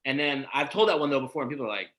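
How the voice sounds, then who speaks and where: A man co-hosting a comedy chat, telling jokes and doing quick impressions in a loose, animated way. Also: mid-range voice, low-quality recording. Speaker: comedian and co-host.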